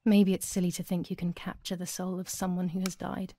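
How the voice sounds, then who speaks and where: A woman's voice: fairly low pitch, flat delivery, fairly quick, dark tone, a little hiss or hum, natural voice. An actress voicing a troubled young woman haunted by her dead twin, speaking an anxious inner monologue in a video game. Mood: somber.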